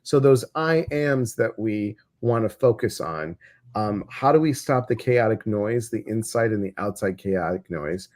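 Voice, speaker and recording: A man with a Midwestern American accent hosting a casual livestream chat, talking in an animated way with many fillers and restarts. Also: on the low side, unhurried. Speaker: host.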